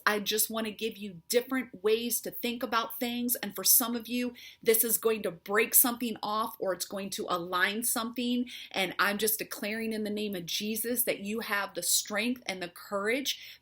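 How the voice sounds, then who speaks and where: A woman's voice: on the high side, a bit bright. A woman who is a faith-based health coach gives a motivational talk, speaking earnestly and directly to her viewers. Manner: earnest, encouraging, speaks straight to the listener.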